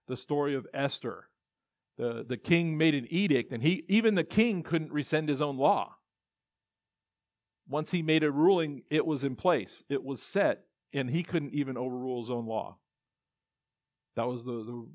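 A man's voice: mid-range voice, moderate pace, darkish tone, dry recording. A male pastor preaching a conversational sermon, with restarts and acted-out quotes. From Texas. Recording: dull, muffled dry sound.

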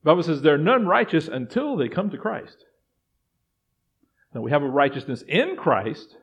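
A man preaching a sermon as pastor, moving between quiet reflective passages and loud acted-out voices of doubters. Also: a little high, big pitch swings, normal speed, slightly rough.

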